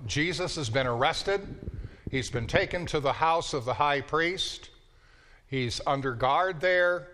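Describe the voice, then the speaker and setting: A man co-teaching a Bible class, speaking in a relaxed, conversational way and telling stories from his seminary days. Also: medium pitch.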